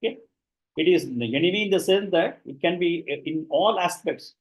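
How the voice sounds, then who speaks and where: A man's voice: sits high, animated, moderate pace. A man teaching a class online, explaining each verse and chanting it for students to repeat. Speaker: shloka teacher.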